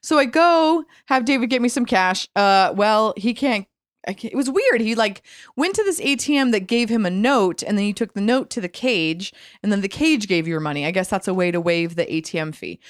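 A woman hosting a casual chat show, telling stories lively and acting out phone conversations. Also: brisk, no room sound, studio quality. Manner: animated storytelling, acting out phone calls with bright high voices. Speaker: podcast host.

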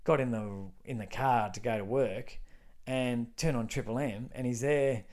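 An Australian man, a comedian, telling a long anecdote in casual chat, animated and full of restarts. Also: mid-range voice, a little slow. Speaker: comedian guest.

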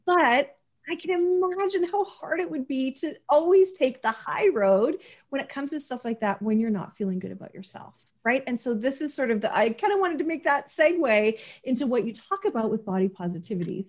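A woman's voice: high-pitched, animated, normal speed, darkish tone. A woman in her forties hosting a podcast interview, chatty and self-deprecating, with many fillers and restarts. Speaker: podcast host. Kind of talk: casual interview chat.

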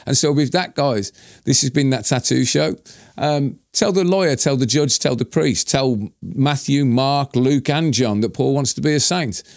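A man's voice: mid-range voice, normal speed, vocal fry, no echo, clean studio sound. Jokey man on a podcast. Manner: jokey, rambling. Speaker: podcast host. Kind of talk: casual banter. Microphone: headphones and studio mic.

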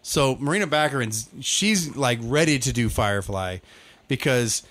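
A man's voice: medium pitch, expressive, normal speed, a bit bright. A man co-hosting a casual chat, ranting about TV shows with lots of profanity and exasperation. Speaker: podcast co-host.

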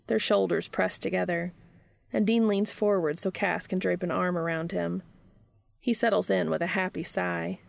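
A woman reads a story aloud in a steady, even way. Her voice sits low with plenty of gravel. The sound is dry and close, with no room echo. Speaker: podcast host reading fan fiction aloud.

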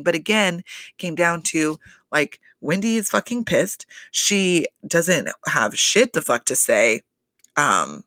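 A man's voice: a little high, sing-song, slow, pushed and bright, no room sound, studio quality. A man giving a casual, profane recap of a reality show, rambling with constant fillers and swearing. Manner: rambling, heavy "like" fillers, frequent swearing and laughter.

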